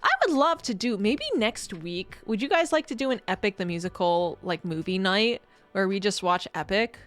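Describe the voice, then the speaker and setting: A woman's voice: mid-range voice, normal speed, fairly bright tone. A woman streamer in casual chat, rambling and laughing often as she reads chat messages.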